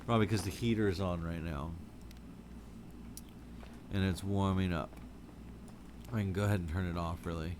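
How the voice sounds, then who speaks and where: A middle-aged man with a very low voice chats casually with his viewers while he plays, speaking into a studio microphone from his home setup. He rambles in a relaxed, sleepy way. A faint hiss sits underneath. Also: normal speed, pauses often. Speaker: game streamer. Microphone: studio microphone with wired headphones.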